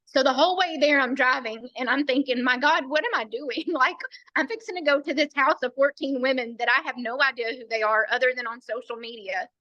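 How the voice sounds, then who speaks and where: A woman tells a long personal story with earnest feeling, slipping into the voices of the people she quotes. Her voice is bright and fairly high. The sound is dry and close. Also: a little fast, dry recording, muffled recording. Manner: earnest storytelling, quoting others. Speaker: team member sharing a story. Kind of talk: personal testimony on a team call.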